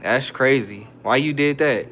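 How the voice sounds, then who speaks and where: A man's voice: medium pitch, unhurried, fairly bright tone, a little hiss or hum. A man hosting a casual livestream, talking loosely in slang as he reads viewer comments aloud and answers them. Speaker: livestreamer reading chat. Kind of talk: casual live-stream chat.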